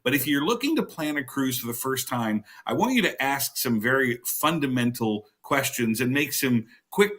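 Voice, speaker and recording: Bright-voiced upbeat travel expert, a man. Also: mid-range voice. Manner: upbeat, enthusiastic explainer. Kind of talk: TV interview advice.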